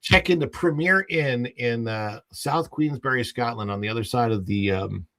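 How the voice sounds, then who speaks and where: Gravelly man rambling on a livestream. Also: mid-range voice, moderate pace, a bit bright. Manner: rambling, full of fillers and restarts; jokey, laughs at his own stories. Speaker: livestream podcast host. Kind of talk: casual livestream chat.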